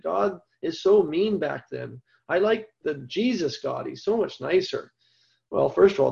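A man's voice: high voice, creaky, a little mellow, highs cut off. A man giving a Bible study lecture in a conversational way, often checking in with "right?". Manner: conversational, keeps asking "right?". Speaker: Bible teacher.

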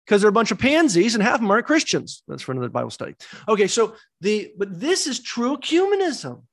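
A man's voice: high-pitched, very animated, quick pace, creaky, fairly bright tone. A man teaching a Bible study class, emphatic, asking rhetorical questions and repeating key words.

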